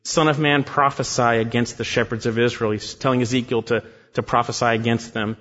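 A man preaching an expository sermon, emphatic, repeating phrases for weight and slowing down on key words. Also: mid-range voice, fairly even intonation, fairly bright tone. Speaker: pastor. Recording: muffled sound with long hall reverb.

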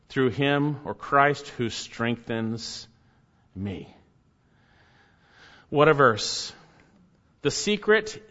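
A man preaching an expository sermon as pastor, repeating key phrases and swinging from loud emphatic peaks to hushed low endings. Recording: dull sound with long hall reverb.

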